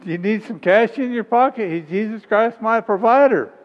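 A man preaching a sermon and reading scripture, emphatic and rising in pitch on key points. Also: normal speed. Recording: dull sound with long hall reverb.

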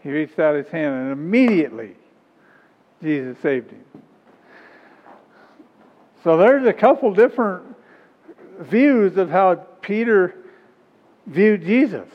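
A man preaching a sermon and reading scripture, emphatic and rising in pitch on key points. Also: very animated, slow pace, pauses often. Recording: dull sound with long hall reverb.

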